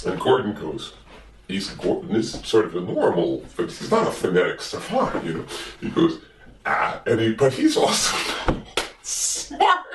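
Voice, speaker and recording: A man's voice: on the low side, huge pitch swings, a little slow, reverberant, recorded from a distance, noisy background. A man telling a comic story in a meandering way, full of fillers and self-corrections. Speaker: comedic storyteller.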